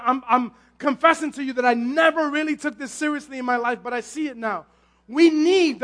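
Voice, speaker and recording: A male pastor preaching a sermon with fervor, often repeating and stumbling over his words and breaking into shouts. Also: very high voice.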